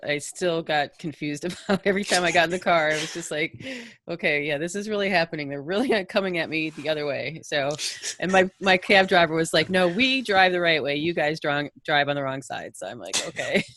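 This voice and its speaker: A woman's voice: fairly low pitch, fast, fairly bright tone, a little hiss or hum. A woman from the United States hosting a podcast, chatting casually and laughing often. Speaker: podcast host. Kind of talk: casual interview chat.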